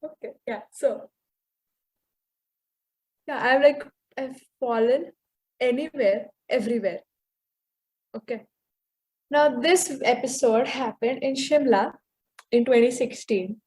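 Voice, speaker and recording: A woman's voice: fairly high pitch, takes it slowly, long pauses, a little mellow. A teenage girl, co-hosting a podcast and chatting casually as she starts her own story. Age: teens. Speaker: podcast co-host.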